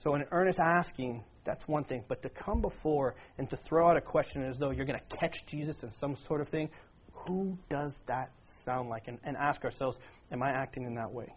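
A man's voice: mid-range voice, fairly quick, slightly rough. A man preaching a sermon, earnestly reading scripture and acting out quoted lines with a raised voice. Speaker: pastor. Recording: dull lo-fi sound.

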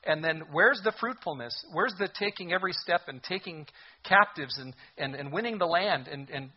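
A man with a husky, slightly raised voice delivers a sermon in an earnest, conversational manner and keeps posing questions to his listeners. The recording sounds dull and lo-fi. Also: on the high side, expressive, moderate pace. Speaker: pastor.

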